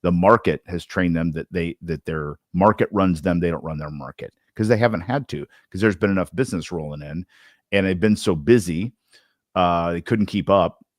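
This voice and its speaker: A man's voice: sits low, moderate pace, dry recording, clean studio sound. A man co-hosting a sales podcast, chatting casually with a Southern Indiana accent, full of slang and restarts. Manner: loose, animated, with slang and many restarts. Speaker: podcast co-host.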